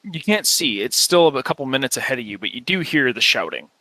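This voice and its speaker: A man narrating a tabletop game as game master, relaxed and unhurried, with many filler pauses. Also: mid-range voice, no room sound.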